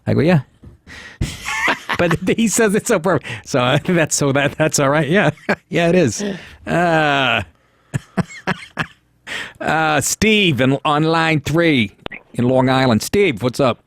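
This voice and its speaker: A man's voice: fairly high pitch, lively intonation, slow pace, creaky, pauses often, a bit bright. A man hosting a radio call-in show, brash and joking, laughing a lot and tripping over his words. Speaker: radio talk show host. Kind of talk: casual call-in talk.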